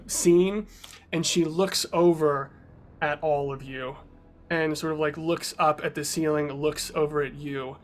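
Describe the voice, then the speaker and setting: A man narrating a tabletop game as game master, with loose, filler-heavy narration. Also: fairly high pitch.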